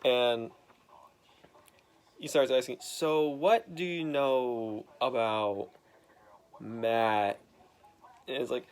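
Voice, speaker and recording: A man's voice: mid-range voice, smooth. Casual young man retelling a comic. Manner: rambling, filler-heavy retelling with quick quoted voices. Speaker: comic book explainer.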